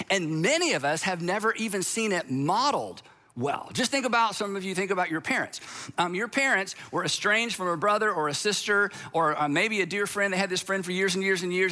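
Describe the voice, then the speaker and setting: Male preacher, conversational and animated, high bright voice. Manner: animated, acts out quoted voices; conversational with rhetorical questions. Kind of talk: sermon.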